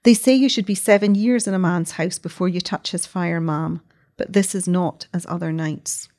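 A woman's voice: lowish voice, moderate pace, natural voice. A woman reading as a grave, commanding man. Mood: steady. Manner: steady and quiet.

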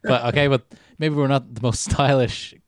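Young Irish man telling lively stories. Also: medium pitch, normal speed, dry recording, studio quality. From Ireland. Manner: animated storytelling, puts on voices in anecdotes, laughs often. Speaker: podcast co-host. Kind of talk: casual chat.

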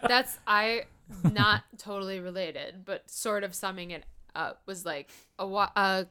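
A woman's voice: medium pitch, measured pace, crowd noise. A woman co-hosting a podcast in casual chat, rambling and searching for words as she tells stories. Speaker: podcast co-host.

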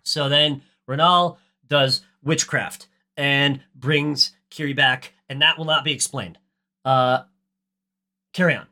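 Ranty, sarcastic man with a bright voice. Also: medium pitch, steady tone, takes it slowly. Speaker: podcast co-host. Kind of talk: casual movie recap chat.

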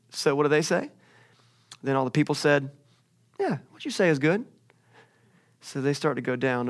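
A young adult man preaching a sermon as a story, swinging from loud, excited bursts to hushed scripture reading. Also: a little high.

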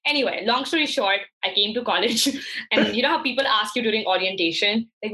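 Brief: young adult woman guest, animated storyteller who laughs and does quoted voices, mid-pitched. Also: quick pace, rough recording. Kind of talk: casual conversational storytelling.

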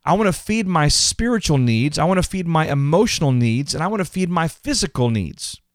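A man's voice: a little high, very animated, a little fast, no echo, studio quality. A man hosting a motivational faith podcast, earnest and emphatic, often repeating his words. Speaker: podcast host.

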